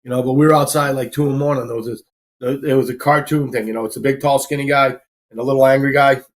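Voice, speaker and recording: A man who used to work as a bouncer, chatting as a guest. He tells stories in a rambling, filler-packed way and swears freely. His voice sits at an ordinary pitch. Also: fairly even intonation, fast talker. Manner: profane, rambling, filler-heavy. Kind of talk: casual storytelling.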